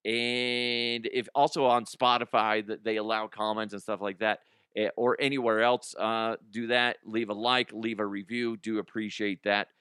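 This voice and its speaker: A man's voice: lowish voice, little pitch movement, moderate pace, a bit bright, clean tone, no room sound, studio quality. A man hosting a comedy podcast in casual, rambling chat, laughing often and swearing. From Colorado. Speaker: podcast host.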